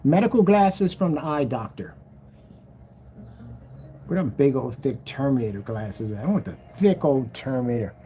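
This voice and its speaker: Man, casual rant, jokey, laughs a lot, slangy, exaggerated, bouncy lively intonation. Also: medium pitch, normal speed, pauses often, a little hiss or hum. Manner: jokey, laughs often, mocking. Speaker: screen paint seller. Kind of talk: casual ranting commentary.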